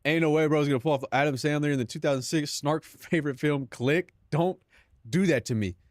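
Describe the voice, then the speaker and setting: A man's voice: on the high side, fairly quick, no echo, clean studio sound. A young man streaming live, chatting casually, joking and swearing, often laughing at his own bits.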